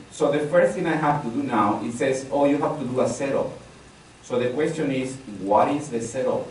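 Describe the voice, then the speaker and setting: A man's voice: medium pitch, a little mellow. A man instructs a live audience in a large training room, chatting through steps and repeating key points as he goes. His voice sounds far from the microphone and bounces around a very echoey space, with a faint hiss of noise underneath. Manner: conversational, repeats key phrases, polls the audience.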